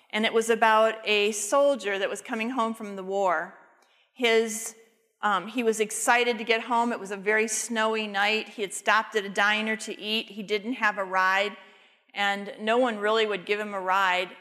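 A woman's voice: medium pitch, bright, forceful tone. A woman giving a devotional talk, earnestly retelling a story and quoting its people's words. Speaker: Bible teacher. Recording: long hall reverb.

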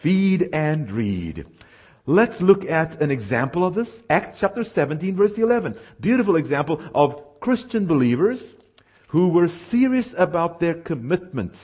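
Animated husky man preaching. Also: on the high side, normal speed. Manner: animated, asks the audience questions. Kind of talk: sermon.

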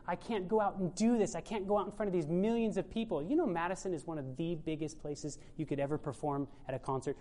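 A woman's voice: lowish voice, a little mellow. A woman giving a sermon-style talk to a congregation, emphatic and full of rhetorical questions. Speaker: speaker at a church presentation.

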